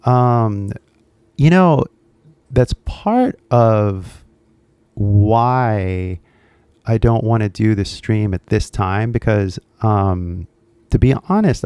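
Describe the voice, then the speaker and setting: A man's voice: lowish voice, warm tone, clean tone, no room sound. A man with a Californian accent chatting casually on a live stream, rambling and scattering "like" and "you know" all through his talk. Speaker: English-teaching YouTuber on a live stream.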